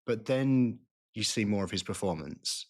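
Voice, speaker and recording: Low-voiced man, halting chat. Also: lively intonation. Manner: rambling, halting restarts. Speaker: podcast co-host. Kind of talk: casual film review chat.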